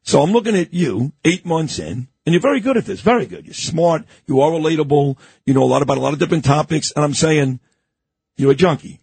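A middle-aged male radio host with a husky, fairly high voice whose pitch moves up and down a lot. He's chatty and conversational and steers his guest with easy questions. The studio sound is dry and close. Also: expressive, fast, few pauses, darkish tone, no echo. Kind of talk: casual studio interview.

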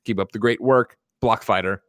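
A man hosting a casual gaming news podcast, talking in an animated way with frequent restarts and reading out listener letters. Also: fairly low pitch, moderate pace, dry recording. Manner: animated, restarts often, reads listener mail. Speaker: podcast host.

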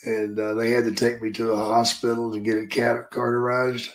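An older man, a retired wrestler appearing as a podcast guest, tells stories casually in a profane drawl. His medium-pitched voice stays monotone at a moderate pace.

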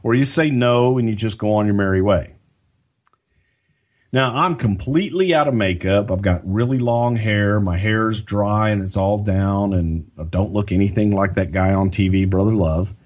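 An older man telling a story in a casual podcast chat, as a lively storyteller who jumps into other people's voices. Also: fairly low pitch, normal speed.

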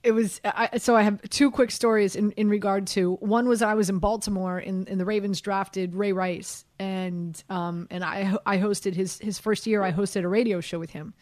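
A woman hosting a sports radio show, telling stories in lively casual chat and laughing through them. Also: medium pitch, normal speed, hardly any pauses, no room sound. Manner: animated storyteller, laughs through her stories. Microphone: studio microphone.

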